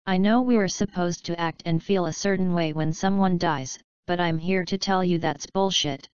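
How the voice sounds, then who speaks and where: A woman's voice: on the low side, normal speed, darkish tone, clear, resonant tone, no room sound, dull audio, close to an everyday voice. A woman reading a bitter, scornful ex-wife. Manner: scornful and blunt. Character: bitter, venting ex-wife at a funeral.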